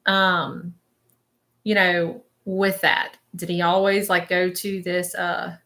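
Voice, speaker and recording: Woman, spiritual medium, live-stream reading, bright clear voice, rambling, hesitant, frequent check-ins. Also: on the low side, flat delivery, takes it slowly. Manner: rambling, checks in with listeners with frequent "okay?" tags; describes visions in present tense, hesitant and searching.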